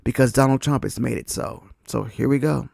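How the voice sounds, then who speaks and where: An exasperated man from the United States hosts a political podcast and speaks straight to his viewers. His voice has a gravelly, creaky edge. The recording is dry and close, with no room sound. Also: medium pitch, fairly quick, a little mellow, no room sound. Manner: exasperated, talks to viewers directly. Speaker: podcast host. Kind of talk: casual political commentary.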